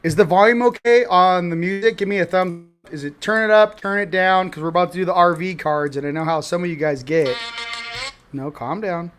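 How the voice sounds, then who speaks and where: Male host, high-pitched voice, loose joking delivery, faint music underneath. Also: brisk, a bit bright. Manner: joking, rambling, laughs often. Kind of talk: casual livestream talk.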